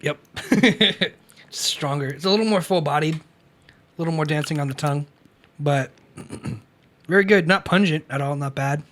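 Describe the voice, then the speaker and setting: A man's voice: on the high side, fairly bright tone. A young man co-hosting a casual beer podcast, laughing often and teasing his friend. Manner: giggly, playful, quick to tease. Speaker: podcast co-host. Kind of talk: casual chat over beers.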